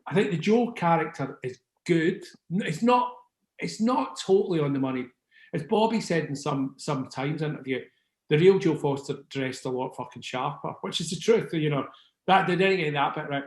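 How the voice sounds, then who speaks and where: Recorded in an echoey room, a Scottish man in his sixties who founded a record label rambles and swears through a casual interview, constantly asking "do you know what I mean." His slightly high voice is expressive and moderately paced.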